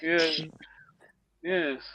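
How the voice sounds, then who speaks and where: A man's voice: on the high side, fairly even intonation, drawn-out words, pushed and bright, no room sound. A man teaching a language class online, encouraging students and repeating words often.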